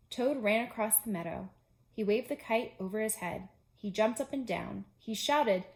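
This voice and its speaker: A pre-K teacher reads a chapter book aloud to young children. Her reading is clear and gently paced. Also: a little high, normal speed, reverberant.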